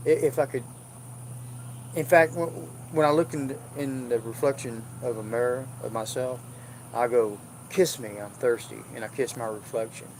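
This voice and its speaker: A jovial man with a drawl, rambling through a casual chat from his home. His voice sits at an ordinary middle pitch, with faint background noise behind him. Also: steady tone, moderate pace, darkish tone. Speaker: vlogger. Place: indoors at home.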